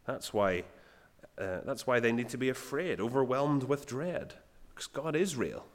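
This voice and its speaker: A man giving a sermon in a plain conversational way, often pausing with fillers. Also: medium pitch, in a large hall. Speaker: preacher.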